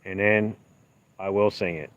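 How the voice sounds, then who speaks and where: Easygoing male livestream host, very low voice, rambling chat answering viewers, dull phone audio. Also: fairly even intonation, measured pace, no echo. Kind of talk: casual live-stream chat, reading viewer comments. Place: outdoors at night on gravel.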